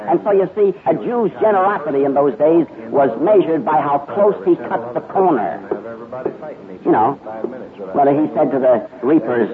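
Preacher on a tinny radio broadcast. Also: male voice, on the high side, animated, normal speed. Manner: dramatic, acts out the characters' speech. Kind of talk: sermon storytelling. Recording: tinny phone-like radio broadcast with crowd noise.

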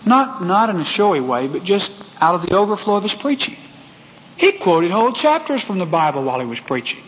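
Texan preacher in a reverberant hall. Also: male voice, high voice, lo-fi sound, a little hiss or hum. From Texas. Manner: folksy, addresses the congregation directly. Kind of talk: sermon with personal storytelling.

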